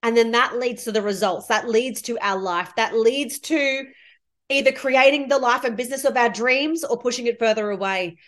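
A money mindset coach hosts her own podcast in a solo monologue, her voice a little high and a bit bright at a normal pace. She comes across as effusive, heartfelt and spiritual.

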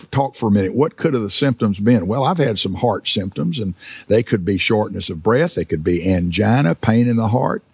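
A male preacher with a gravelly, husky voice delivers a storytelling sermon. He talks in a mid-pitched tone full of "uh"s and restarts, and now and then he acts out laughter. The sound is dry and close, with no room echo. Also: darkish tone. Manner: storytelling with many fillers and restarts; acts out laughter while telling stories. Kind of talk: sermon teaching.

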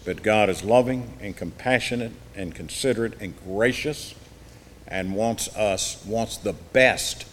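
A man's voice: lowish voice, a little slow, fairly bright tone, in a large hall, slight background noise. A man teaching an evening Bible class, reading scripture aloud with rising emphasis and then explaining it plainly.

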